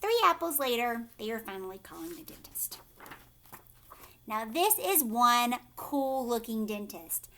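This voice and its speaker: Animated woman reading to kids. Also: a little high, unhurried. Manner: animated, talks to young listeners. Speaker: teacher. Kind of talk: children's book read-aloud.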